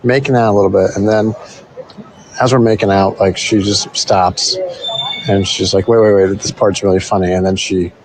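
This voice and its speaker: A man casually telling a story in a voice note, animated and swearing freely, from the United States. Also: lowish voice, moderate pace, slight background noise, low-quality recording.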